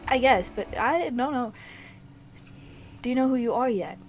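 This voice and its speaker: A woman's voice: fairly high pitch, expressive, measured pace, faint music behind. Scared young woman reacting to a horror game. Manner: jumpy, scared, swears and screams. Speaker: gaming video creator. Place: dark home basement.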